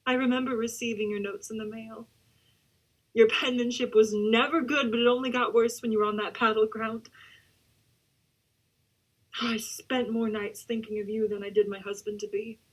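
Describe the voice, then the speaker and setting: A grieving young woman confesses her heart in a letter, hushed and close to tears, as a woman acts her. Her voice sits a little high. It is a theatre monologue. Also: fairly even intonation, normal speed, pauses often, natural voice. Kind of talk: theatre monologue over video call.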